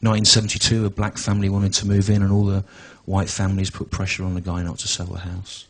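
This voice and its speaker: A man, doing a stand-up routine in a halting, deadpan way with restarts and asides. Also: low-pitched, low-quality recording. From England. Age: 40s. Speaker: stand-up comedian. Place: comedy venue with a live audience.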